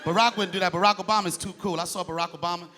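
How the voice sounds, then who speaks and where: A male stand-up comedian performing on stage with a loud, animated delivery that breaks into shouts. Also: sits high, racing. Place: live comedy stage before an audience. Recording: live audience laughter and room noise.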